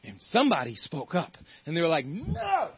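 A man preaching a sermon as a guest speaker. He is animated, acts out the figures in his story and gets loud and fired up at the high points. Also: fast talker, breathy edge, dry recording, muffled recording.

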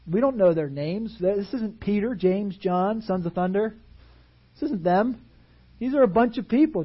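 A man preaching a sermon in a church, his voice high and a little husky. He presses the congregation with rhetorical questions and works himself up as he goes. The recording sounds dull and lo-fi. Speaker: pastor. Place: church sanctuary.

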